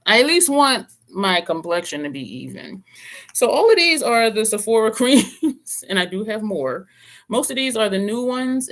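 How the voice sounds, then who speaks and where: A beauty vlogger talks through their makeup in a loose, chatty way, often stopping to correct a product name. The voice sits at a middle pitch, and playful asides and small laughs come up now and then. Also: fairly bright tone. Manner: chatty, rambling product rundown with self-corrections. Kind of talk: casual makeup review chat.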